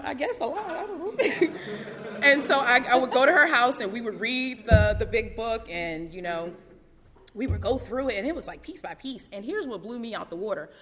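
A woman's voice: medium pitch, a bit bright. A woman giving a candid personal testimony at a recovery meeting, chatty and full of fillers and laughter.

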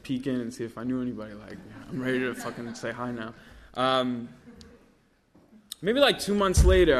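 Rambling, cursing man telling his story. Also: medium pitch. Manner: rambling, heavy fillers, frequent swearing. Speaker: speaker sharing at a recovery meeting. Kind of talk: casual personal storytelling.

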